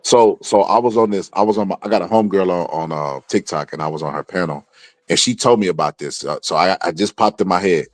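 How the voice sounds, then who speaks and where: A male host of a casual talk show, telling long animated stories full of restarts. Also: sits low, fast, no room sound. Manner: animated rambling storyteller, many restarts. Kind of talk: casual podcast chat.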